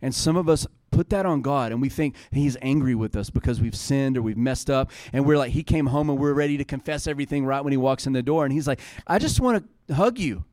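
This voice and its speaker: A man's voice: mid-range voice, fairly even intonation, fast, few pauses, darkish tone, dry recording, studio quality. A man in his thirties preaching a sermon, earnest and conversational, building to fervent passages. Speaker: pastor.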